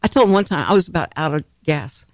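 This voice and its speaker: A woman's voice: sits low, animated, fast talker, no echo. A woman hosting a radio talk show, chatting in a rambling way and laughing often. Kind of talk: casual chat. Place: radio studio. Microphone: studio microphone.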